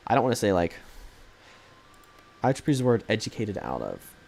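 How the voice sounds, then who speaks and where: A man's voice: fairly low pitch, wildly swooping pitch, moderate pace, gravelly, a little mellow. A man streaming a strategy game live, commentating casually in a rambling, jokey way that keeps correcting itself.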